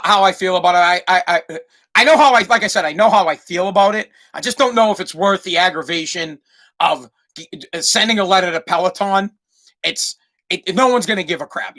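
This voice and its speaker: Bright-voiced man ranting on a podcast. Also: high-pitched. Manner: rambling, profane, repeats himself. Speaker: podcast host. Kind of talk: solo comedic rant.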